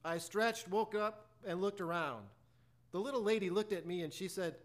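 A preacher telling a personal story in a sermon, acting out both sides of a conversation and reciting hymn lyrics. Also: male voice, high voice, unhurried. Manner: animated storyteller acting out dialogue.

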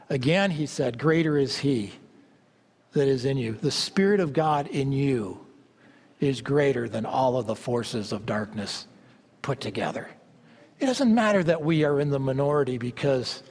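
A male preacher delivering a fervent sermon, swinging between loud exclamations and low asides. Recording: long hall reverb.

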